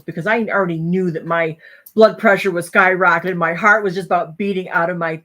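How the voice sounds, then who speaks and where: Middle-aged woman host, low-pitched, animated storyteller. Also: brisk. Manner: animated storytelling, acting out other voices. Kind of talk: personal story to an audience.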